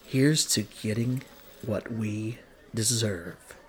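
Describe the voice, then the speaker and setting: A man voicing a sly, flirtatious witch woman with a floating enchantress air, lifting his voice for her. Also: extremely slow. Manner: sly, teasing, higher sweet voice.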